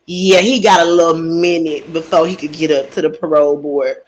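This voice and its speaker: A woman's voice: sits low, steady tone, brisk, highs cut off. Emotional, outraged true-crime storyteller woman. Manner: emotional and outraged, addresses listeners as y'all. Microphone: desk microphone.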